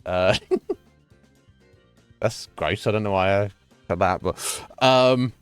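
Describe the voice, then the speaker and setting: Lowish-voiced rambling streamer. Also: male voice, slow pace, clear, resonant tone, dry recording, faint music behind. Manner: rambling, swears freely, chuckles often. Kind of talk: casual chat while gaming. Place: home gaming desk.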